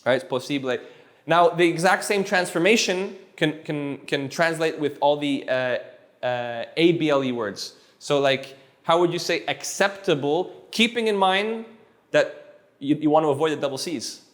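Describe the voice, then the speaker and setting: Encouraging male teacher, slightly high voice. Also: moderate pace. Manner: relaxed, encouraging, repeats words and restarts often. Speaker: Spanish teacher. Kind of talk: live classroom lesson. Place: classroom with students.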